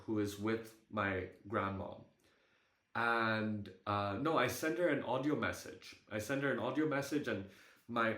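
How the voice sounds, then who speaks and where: Young man, mid-range voice, halting candid storyteller, on a roomy video call. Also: medium pitch, fairly bright tone. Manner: halting storytelling with casual swearing. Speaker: group call participant. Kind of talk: candid personal sharing.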